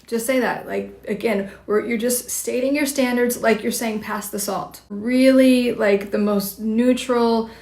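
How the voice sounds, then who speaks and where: Woman coach, talks straight to viewers, slight fry, echoey room. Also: mid-range voice, a little mellow. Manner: direct, conversational, many "like" fillers. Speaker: psychology coach. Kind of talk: livestream advice talk. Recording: roomy echo.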